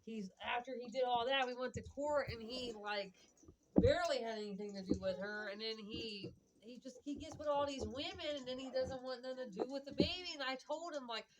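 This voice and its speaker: A woman's voice: fairly high pitch, a little fast, a loud crowd, rough recording. A woman telling a long personal story in a casual, rambling way, full of "like" and "whatever" and quoted back-and-forth. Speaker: vlogger. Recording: loud background clicking noise.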